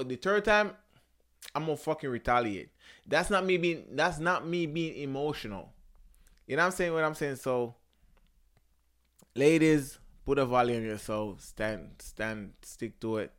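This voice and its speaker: Young guy on a podcast, mid-pitched voice, ranting about relationships, swears a lot, keeps losing his words. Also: moderate pace. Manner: animated, emphatic, swears and repeats himself; searches for words, frequent restarts. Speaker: podcast host. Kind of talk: casual relationship talk.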